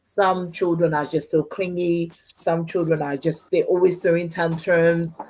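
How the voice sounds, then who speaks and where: A woman hosting a livestream panel, brisk and pressed for time, with hesitant fillers. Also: on the low side, little pitch movement, a little mellow, slight background noise, low-quality recording. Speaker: host.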